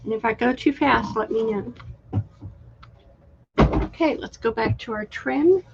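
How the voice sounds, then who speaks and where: A woman hosting a live-stream craft sale, chatty and unhurried, admiring each item as she shows it. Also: fairly high pitch, gravelly, highs cut off, very noisy. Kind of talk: live-stream sales chat.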